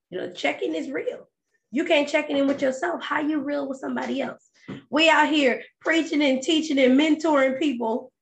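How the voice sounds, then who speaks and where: Animated woman podcaster asking rhetorical questions. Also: a little high. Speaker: podcast host. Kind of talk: casual monologue.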